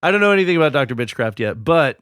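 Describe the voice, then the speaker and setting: A man's voice: on the high side, animated, rapid-fire, a bit bright, smooth, no room sound, clean studio sound. A man co-hosting a casual podcast, talking in a laid-back, rambling way with filler words. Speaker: podcast co-host.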